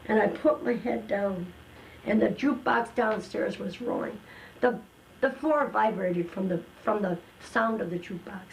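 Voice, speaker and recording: Gravelly older woman giving testimony. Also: medium pitch, a little hiss or hum, poor audio. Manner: earnest, emotional storytelling with slow dramatic pauses. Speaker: testimony guest. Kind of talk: personal testimony.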